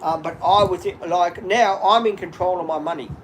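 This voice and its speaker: A man in his fifties chats on a live stream from his home, his voice sitting a little high for a man. He rambles openly and speaks straight to his viewers as "guys". Steady background noise, clicks and a passing vehicle sit under his voice. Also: normal speed. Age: 50s. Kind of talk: candid live-stream chat.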